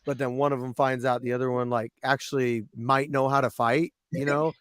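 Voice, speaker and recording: A man's voice: medium pitch, little pitch movement, fairly quick, fairly bright tone, clear, resonant tone, dry recording. A man from Washington State hosts a laid-back podcast, wandering through his thoughts with fillers and restarts. His mid-range voice sounds dry and close. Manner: rambling, many fillers and restarts. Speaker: podcast host. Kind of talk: casual chat.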